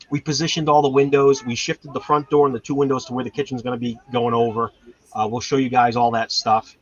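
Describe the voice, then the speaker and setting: This homestead-channel host speaks quickly in a flat, mid-range voice, chatting casually and rambling through stories full of fillers. It's captured in a dull, lo-fi recording.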